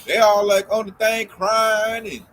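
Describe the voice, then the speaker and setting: Man, very high pitch, casual religious talk, animated, mocking, faint background noise. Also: measured pace, rough recording. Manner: animated, mocking, acts out scared people.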